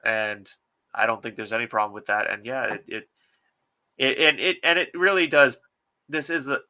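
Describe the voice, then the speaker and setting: A man's voice: medium pitch, steady tone, normal speed, bright, forceful tone. A man co-hosting a casual podcast, talking bluntly and emphatically and swearing freely. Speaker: author and podcast co-host.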